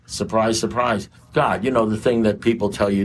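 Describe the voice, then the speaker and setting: A fairly low-voiced man addresses a recovery meeting in a blunt, profane, rambling way, often restarting his sentences and talking straight to the listeners. He speaks in a meeting room with a faint hum of ambience behind him. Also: fairly quick, hardly any pauses.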